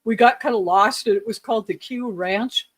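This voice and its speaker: Give me a podcast co-host in loose, casual conversation, drifting through a long story full of "um"s and small laughs, at an ordinary, middle pitch. The talk meanders and picks up energy at the funny parts. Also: normal speed. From lived in the southwestern US. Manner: rambling anecdotes with frequent fillers and laughs.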